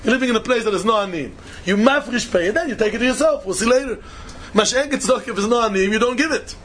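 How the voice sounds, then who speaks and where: A man's voice: extremely high pitch, quick pace, a bit bright, slight background noise. A man giving a Talmud study lecture, asking questions and repeating key points to press them. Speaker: Talmud teacher.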